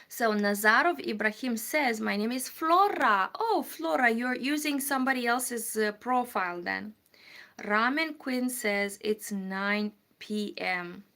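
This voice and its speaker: A Moldovan woman hosts a casual livestream, reading viewer comments aloud and answering them as she chats. Her voice sits on the high side, animated and a little slow, gravelly, pushed and bright.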